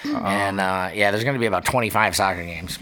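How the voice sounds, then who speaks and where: A man's voice: low-pitched, a little fast, bright, forceful tone, a little hiss or hum. A man in his late fifties, a regular on a casual radio chat, talking in a dry, sarcastic way. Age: 50s. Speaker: bar worker and show regular.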